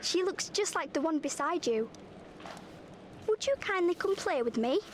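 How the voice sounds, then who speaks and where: A woman's voice: very high voice, lively intonation, moderate pace. A woman voicing an eerie little girl from centuries past, speaking in formal, old-fashioned phrases. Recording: background noise in game audio.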